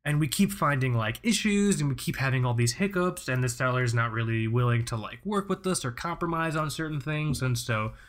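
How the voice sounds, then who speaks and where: Man, podcast host, loose profane storyteller who laughs through his own bits. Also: mid-range voice. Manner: profane, rambling, laughs often. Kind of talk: casual comedic storytelling.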